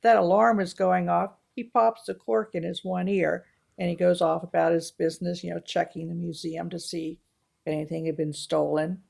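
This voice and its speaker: A woman co-hosting a casual film review chat, retelling movie scenes with animated storytelling. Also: fairly low pitch, normal speed, vocal fry. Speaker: podcast co-host.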